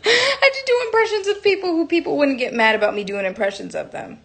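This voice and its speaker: A woman's voice: very high-pitched, lively intonation, fairly quick, vocal fry, fairly bright tone. A young woman chatting casually on a phone livestream, giggling, rambling and cutting herself off mid-sentence. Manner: giggly, rambling, self-interrupting.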